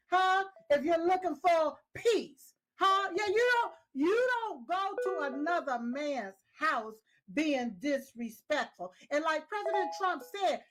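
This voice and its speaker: A woman's voice: very high-pitched, fairly bright tone. A woman giving casual, opinionated commentary, emphatic and scolding, who keeps repeating "yes, yes" and "uh-huh". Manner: scolding, talks straight at the people she criticizes. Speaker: political commentator.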